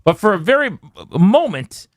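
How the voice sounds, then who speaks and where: A man's voice: sits high, big pitch swings, moderate pace, no echo, clean studio sound. A man hosting a sports radio show in casual chat, talking in a chatty way with frequent restarts. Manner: chatty, self-interrupting. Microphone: studio microphone.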